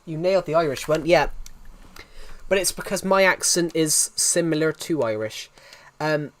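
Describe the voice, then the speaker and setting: A man's voice: on the high side, normal speed. A young British man with a thick regional accent, streaming and chatting casually, rambling and often repeating himself. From United Kingdom. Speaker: game streamer. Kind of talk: casual livestream chat.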